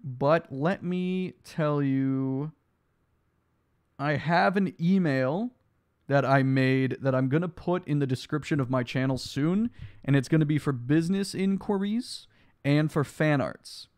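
A man's voice: on the high side, a little slow, a little mellow, no room sound, studio quality. A young man streaming a block game live, chatting casually and reading his chat aloud, tired from lack of sleep. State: sleep deprived, yawning.

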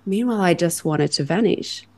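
An Australian woman, a podcast guest, telling lively stories of her work and acting out her own reactions. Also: lowish voice, moderate pace. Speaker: guest, sales enablement leader. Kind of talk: storytelling in a podcast interview.

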